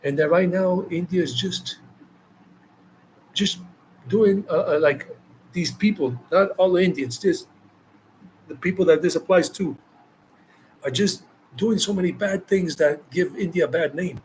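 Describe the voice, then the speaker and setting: A man's voice: high-pitched, unhurried, long pauses, a little hiss or hum, poor audio. A man from the United States, a travel vlogger answering viewer questions live, talking emphatically and repeating phrases for stress. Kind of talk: live Q&A chat.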